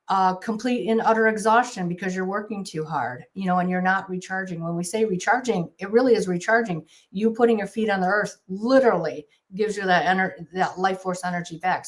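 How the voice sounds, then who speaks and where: A woman speaking as a guest exorcist in a casual interview, earnest and halting with frequent restarts, on a remote video call. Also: medium pitch.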